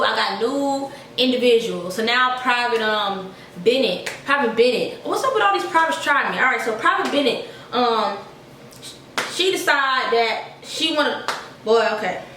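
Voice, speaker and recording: A young woman vlogger telling a casual storytime to her viewers in a sassy, animated way. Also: fairly high pitch, normal speed, reverberant, recorded from a distance, slight background noise, rough recording.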